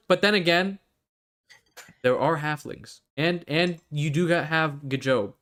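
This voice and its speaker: A man's voice: a little high, measured pace, a bit bright. A man narrating as game master in a tabletop game, in a playful storyteller manner.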